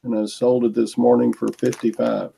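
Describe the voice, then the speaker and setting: A plainspoken man chatting easily on a group video call. His voice is very gravelly and husky, with a dark, mellow tone. Typing can be heard in the background. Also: medium pitch, flat delivery, moderate pace, rough recording. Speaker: reseller. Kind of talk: casual group video chat.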